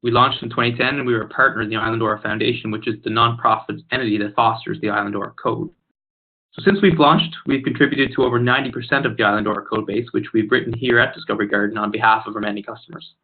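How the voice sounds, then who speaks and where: Fast-talking man hosting a webinar. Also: mid-range voice, steady tone. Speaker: webinar host. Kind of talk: scripted company introduction. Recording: tinny phone-like webinar audio.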